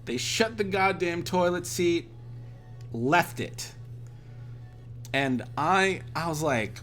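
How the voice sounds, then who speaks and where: High, lively man telling a profane story. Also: normal speed, soft background music. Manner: profane, rambling, animated anecdote with restarts. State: drinking while talking. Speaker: art streamer. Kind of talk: casual storytelling on a livestream.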